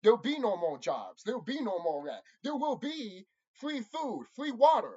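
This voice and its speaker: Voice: normal speed, breathy edge. A channel host delivering an angry, profane monologue to viewers, repeating himself and insulting his audience. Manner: lively swings in pitch and loudness. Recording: dull lo-fi recording.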